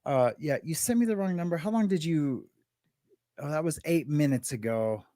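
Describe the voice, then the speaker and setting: A man with a fairly high voice hosts a casual live stream from home. He rambles in a loose, joking way and greets viewers in the chat by name. The sound is dry and close, with no room echo. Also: expressive, normal speed, dark tone. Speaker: live-stream podcast host.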